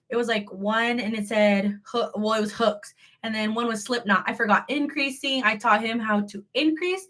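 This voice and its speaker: A woman's voice: fairly high pitch, sharp tone. A young woman hosting a casual crochet livestream from home, talking to viewers while she works, bubbly and rambling, often joking at her own expense. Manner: bubbly, rambling, self-deprecating.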